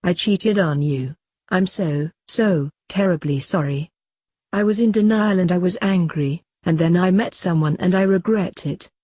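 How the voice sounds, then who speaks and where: A tearful, pleading young wife in a storybook, as a woman reads her in her own voice. Her voice is low and mellow. The sound is dry and close. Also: measured pace, no echo. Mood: emotional. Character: emotional young wife, pregnant.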